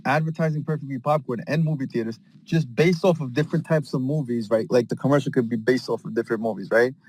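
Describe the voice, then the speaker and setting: A man chatting casually from a parked car, telling a rambling, excitable story packed with fillers and slang. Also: mid-range voice, fast, slight background noise, low-quality recording. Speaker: space participant. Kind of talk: casual chat.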